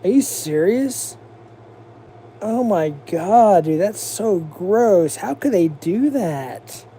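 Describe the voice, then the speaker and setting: A man's voice: high voice, lively intonation, takes it slowly, warm tone, slight background noise. An American man hosting a livestream, rambling and mocking in a profane, casual rant. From United States. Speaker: livestream host.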